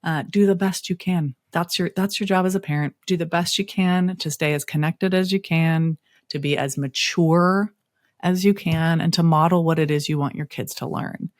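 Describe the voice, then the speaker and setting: A middle-aged woman therapist speaking in an interview, expressive and storytelling with playful asides. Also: on the low side, moderate pace, no echo, studio quality. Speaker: therapist guest. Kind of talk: interview conversation.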